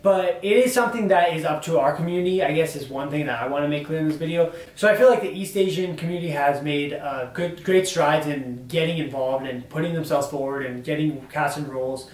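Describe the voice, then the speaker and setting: A man's voice: on the high side, fairly quick, few pauses. A young man co-hosting a casual on-camera discussion, making earnest points and using many fillers. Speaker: discussion co-host. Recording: roomy sound from a distant mic.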